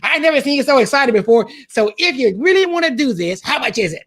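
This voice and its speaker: A man's voice: extremely high pitch, expressive, fast talker, a bit bright, voice pushed up, heavily acted. A man voicing an older male millionaire mentor, encouraging and amused, with a put-on Italian accent. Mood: amazed.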